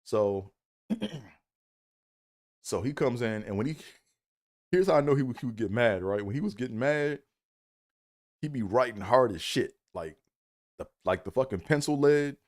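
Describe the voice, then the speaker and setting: A man's voice: medium pitch, normal speed, pauses often. Man telling a profane comic story. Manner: profane, animated, acts out quotes in a raised voice. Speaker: comedic storyteller. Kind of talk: casual storytelling monologue.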